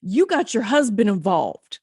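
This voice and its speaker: A woman's voice: medium pitch, very animated, unhurried, husky, no echo. This is an American woman hosting a podcast, her voice a bit nasal and her delivery emphatic and encouraging. The sound is dry and close, with no room around it. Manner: emphatic and encouraging, with casual swearing. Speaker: podcast host. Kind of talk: podcast interview.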